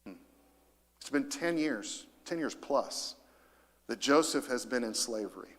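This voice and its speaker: A middle-aged man preaching a sermon in a church, lively and emphatic, calling out to the congregation for responses. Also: medium pitch, measured pace. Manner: lively, rising to emphasis, calls for audience responses. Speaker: pastor. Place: church auditorium. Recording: long hall reverb.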